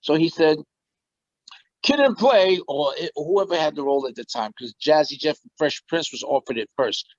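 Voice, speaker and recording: A middle-aged man, a musician and actor, telling stories as a guest in a casual interview, animated and often laughing. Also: fairly high pitch, fairly quick, few pauses, dry recording, highs cut off.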